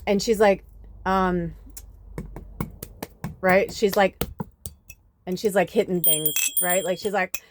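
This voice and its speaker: A woman's voice: mid-range voice, unhurried, pauses often, slight background noise. A woman hosting a spiritual reading channel, telling a story in a loose, chatty way with lots of fillers and casual swearing. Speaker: spiritual reader, channel host.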